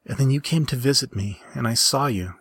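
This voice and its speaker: A man reading a story aloud and voicing an earnest young woman who once was powerful, speaking in a soft, halting, confiding way. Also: mid-range voice, breathy edge, no echo, voice pushed up.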